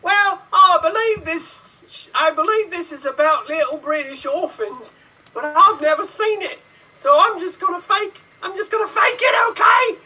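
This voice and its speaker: A man's voice: very high-pitched, measured pace, bright, forceful tone, distant mic, rough recording. A man performing improv, rambling and self-mocking.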